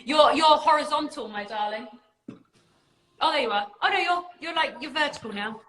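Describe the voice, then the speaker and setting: A woman's voice: sits high, lively intonation, moderate pace, a bit bright, reverberant, rough recording. A woman hosting a casual livestream chat, out of breath, chatty and greeting viewers as darling. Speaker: livestream host.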